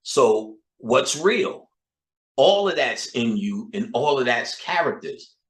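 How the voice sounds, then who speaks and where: A man's voice: mid-range voice, big pitch swings, takes it slowly, roomy sound, low-quality recording. A man with a New York accent, talking in a profane, rambling, casual monologue full of street slang. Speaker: channel host.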